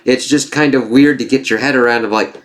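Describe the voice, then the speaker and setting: A man's voice: mid-range voice, fairly even intonation, brisk, fairly bright tone. A male reviewer talks through a comic issue in a casual, rambling way. He has a mid-range voice and drops the odd curse. His restarts and asides make it sound unscripted. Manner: rambling, casual, swears freely.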